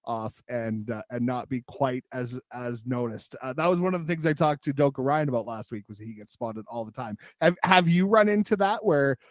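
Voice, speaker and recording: A man's voice: mid-range voice, moderate pace, few pauses, no room sound. Dry-sounding man hosting a podcast. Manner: friendly, teasing interviewer. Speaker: podcast host. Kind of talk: casual podcast interview.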